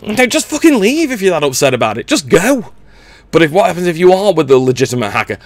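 A middle-aged man rants bluntly over his gameplay and swears freely. His voice sits a little high for a man and leaps up and down in pitch. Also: big pitch swings, quick pace, no room sound. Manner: sweary, blunt, exasperated ranting. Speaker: gaming channel host. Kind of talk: ranting gameplay commentary.

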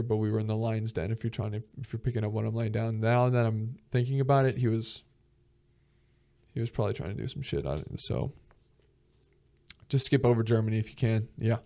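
A young man from Georgia hosting a podcast, telling travel stories in a casual, profane, animated way and acting out the people he quotes. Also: medium pitch, quick pace. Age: young adult. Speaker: podcast host. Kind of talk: casual storytelling monologue.

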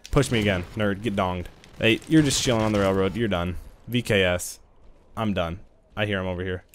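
A young man giving excitable live commentary on a shooter game into a headset, trash-talking and breaking into sudden yells. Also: fairly low pitch, fairly quick, a little hiss or hum. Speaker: gaming channel host.

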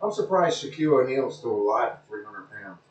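A man's voice: medium pitch, expressive, fairly quick, echoey room, poor audio. A man giving a rambling, crude, joking play-by-play of a televised football game, repeating himself often. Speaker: amateur commentator.

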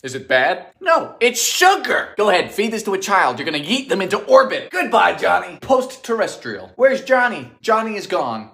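Young man, comedic baking host, very lively pitch, bright voice, theatrical wisecracks. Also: moderate pace, vocal fry, few pauses. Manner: theatrical, wisecracking, sudden shouts and squeals. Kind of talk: comedic recipe vlog.

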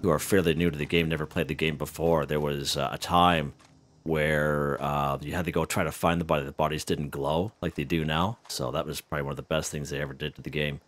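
A man casually commenting on his own gameplay in a relaxed, rambling way, chuckling often. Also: very deep voice, brisk. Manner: relaxed, chuckling, lots of fillers and restarts. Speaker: gaming channel host.

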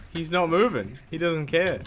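A man streaming a multiplayer game, laughing often and swearing loudly as the action swings. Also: mid-range voice. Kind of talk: casual gaming stream chat.

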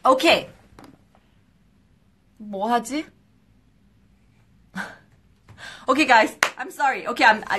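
A young woman hosting a live skincare quiz stream, bubbly and excitable, with quick apologetic asides. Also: on the high side, slight background noise. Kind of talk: casual live-stream chat.

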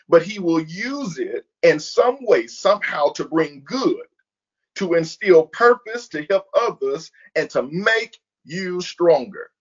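A man preaching a sermon as pastor, repeating key phrases for emphasis and stretching out words in a slow preaching cadence. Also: high-pitched, animated, muffled recording.

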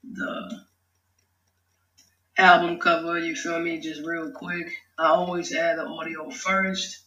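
A man's voice: fairly high pitch, little pitch movement, slow pace, sharp tone, far from the mic. A man casually talking through how he makes his own rap song, loose, slangy and profane. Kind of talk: casual vlog talk-through. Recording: echoey room, off mic, music behind. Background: his beat playing.

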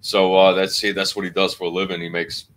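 Deep-voiced laid-back man rambling. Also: flat delivery, brisk, a bit bright, a little hiss or hum. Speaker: band member, interview guest. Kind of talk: casual live-stream chat.

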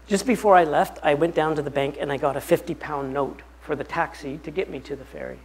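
A man, a pastor, telling a personal story during a bible study talk in an animated, anecdotal way. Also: on the high side, brisk, husky, low-quality recording.

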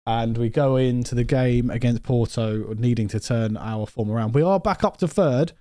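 A man commentating his own football management game, thinking aloud, talking to himself and rising in pitch when exasperated. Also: normal speed, dark tone, no echo, studio quality. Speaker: gaming video host.

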